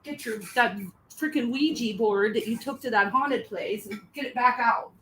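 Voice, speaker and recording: A woman co-hosting a casual live-stream chat, animated and teasing, laughing often. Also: a little high, normal speed, slight background noise, poor audio.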